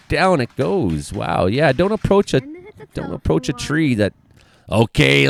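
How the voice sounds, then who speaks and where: A man's voice: medium pitch, lively intonation, normal speed, gravelly. A Canadian man giving casual, sarcastic running commentary on videos, often laughing as he reacts.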